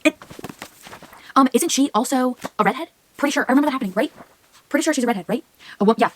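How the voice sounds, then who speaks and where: Young woman, casual reading vlog, excitable, rambling, whispers now and then. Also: sits high, fast talker, slight background noise. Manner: excitable, rambling, with many filler words and frequent whispering asides. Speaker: book vlogger.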